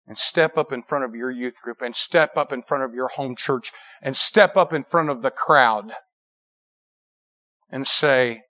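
A man preaching to young people, telling a story in an animated way and acting out the quoted lines with sudden high shouts. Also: moderate pace. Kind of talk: sermon. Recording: dull lo-fi recording.

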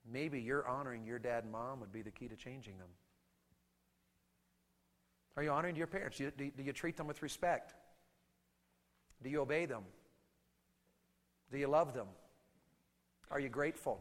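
A man preaching to teenagers with animated storytelling, swinging from quiet asides into shouted bursts. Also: medium pitch. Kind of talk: youth sermon. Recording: hall reverb.

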